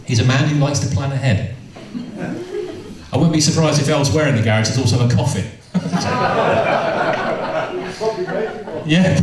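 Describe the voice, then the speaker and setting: A man telling stand-up stories, rambling with amused restarts. His slightly high voice moves up and down a lot. It echoes heavily around the room, picked up from some distance. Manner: rambling, self-interrupting, amused. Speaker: stand-up comedian. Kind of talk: stand-up storytelling.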